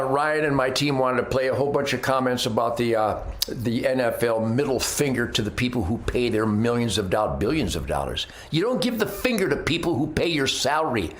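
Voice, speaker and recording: A man giving a brash, combative, boastful opinion rant as host of his own commentary segment. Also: mid-range voice. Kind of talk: ranting opinion monologue. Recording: roomy echo.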